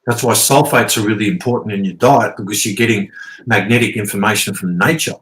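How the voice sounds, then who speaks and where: This is a man with a fairly low, fairly bright voice, working as a guest teacher. He talks casually, rambles, swears, and keeps asking "okay?", all captured in a roomy, echoing space.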